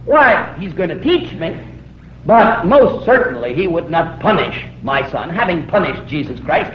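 Storytelling preacher on an echoey old tape. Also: male voice, fairly high pitch. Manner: vivid storytelling, acts out quoted voices. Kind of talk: sermon. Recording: roomy, dull old recording with faint hiss.

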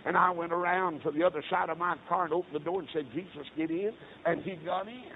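A middle-aged Baptist preacher, telling stories in a sermon and swinging from low talk to loud shouted peaks. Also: male voice, fairly even intonation, fast. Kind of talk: storytelling sermon. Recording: tinny lo-fi recording with faint hiss.

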